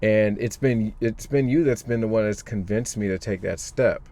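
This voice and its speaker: A man's voice: fairly low pitch, moderate pace, warm tone. A man, a guest author on a podcast, speaking earnestly and thoughtfully with many fillers. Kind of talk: podcast interview.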